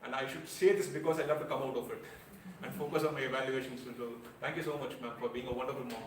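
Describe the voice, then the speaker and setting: Man, speech evaluator at a club meeting, frank and earnest, mid pitch, recorded far off in an echoey room. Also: steady tone, fast talker, slight background noise. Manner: earnest and frank, with light self-deprecating humor. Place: air-conditioned meeting room. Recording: roomy, distant, with faint room ambience.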